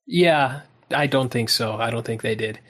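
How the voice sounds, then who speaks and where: A man's voice: mid-range voice, normal speed. A man guesting on a casual fan podcast, laughing often and sounding exasperated.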